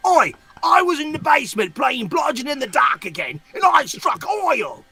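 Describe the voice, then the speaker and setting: Loud rowdy british punk yelling way up high, bright voice. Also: male voice, sing-song, normal speed, heavily acted. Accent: put-on British. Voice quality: shouting, high and raucous.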